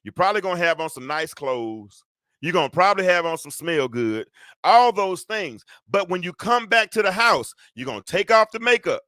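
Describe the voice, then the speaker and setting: Bright, preachy man hosting a solo talk. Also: sits high, big pitch swings, normal speed, no room sound, studio quality. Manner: preachy, joking, asks the audience for amens. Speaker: host. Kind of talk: live-streamed solo talk show.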